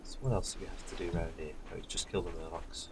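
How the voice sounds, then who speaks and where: A man giving casual let's-play commentary, muttering quietly to himself as he plays. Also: low-pitched, fairly even intonation, quick pace, heavy background noise. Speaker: gamer. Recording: voice over loud game music. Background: game music.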